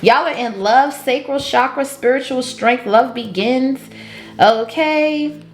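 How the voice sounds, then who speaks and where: A woman's voice: high-pitched, slow pace. Brash woman tarot reader, echoey room. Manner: blunt, profane, sings song snippets. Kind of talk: casual tarot reading. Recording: echoey room with faint music.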